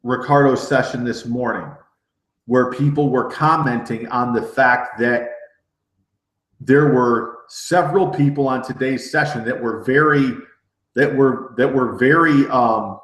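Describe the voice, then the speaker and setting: A middle-aged man leads a live sales training, talking with energy and tossing in frequent "okay?" checks. He stumbles and repeats words as he goes, and his voice has an average pitch. The recording has a noticeably roomy echo. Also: a little slow, fairly bright tone. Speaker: network marketing trainer.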